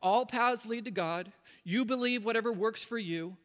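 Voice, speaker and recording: Animated male pastor in a reverberant hall. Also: high voice, moderate pace. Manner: animated storytelling, acts out voices with laughs. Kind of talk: sermon. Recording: long reverb of a large hall.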